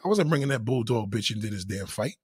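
A man's voice: medium pitch, expressive, quick pace, a little mellow, slightly rough, dry recording, studio quality. A man hosting a live stream, answering his chat in a blunt, profane and boastful way. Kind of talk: casual live-stream monologue.

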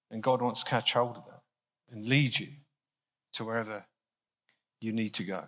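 A man's voice: lowish voice, fairly even intonation, moderate pace, long pauses, sharp tone. A male minister giving an informal, conversational sermon, often restarting his sentences. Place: church hall. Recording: hall reverb.

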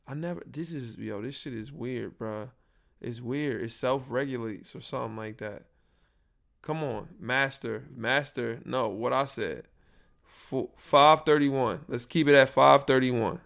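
A young man with a medium-pitched, slightly bright voice and some vocal fry hosts a casual solo podcast at normal speed. He rambles in slang while troubleshooting his sound settings live on a built-in computer microphone.

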